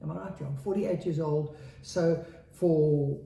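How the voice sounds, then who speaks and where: A man's voice: on the high side, steady tone, takes it slowly, gravelly, dark tone, roomy sound, slight background noise. A man in his forties, a podcast guest, speaking candidly and earnestly and repeating phrases for emphasis. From South Africa. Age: 40s. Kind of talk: candid interview talk.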